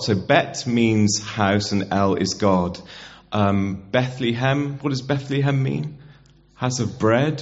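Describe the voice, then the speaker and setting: A man preaching a conversational sermon in a church, getting the congregation to repeat words back to him. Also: medium pitch. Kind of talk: interactive sermon. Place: church hall. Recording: dull, muffled church recording.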